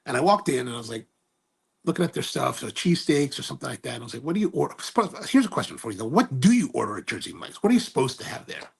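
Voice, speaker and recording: This U.S. man running a cigar livestream talks rapid-fire in a mid-range, gravelly voice with a breathy edge and big pitch swings. He reads viewer comments and wanders through casual stories, frequently correcting himself.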